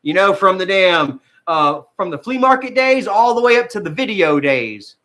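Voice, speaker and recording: Male vlogger, high and bright, profane and rambling; casual live-chat delivery. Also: big pitch swings, moderate pace. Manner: rambling, profane, says man and bro a lot.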